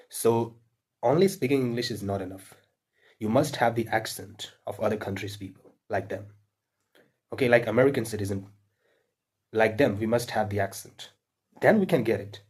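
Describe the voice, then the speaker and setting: A man's voice: mid-range voice, darkish tone, breathy edge. A man with an Indian accent giving earnest, repetitive spoken advice to English learners, with frequent fillers and restarts.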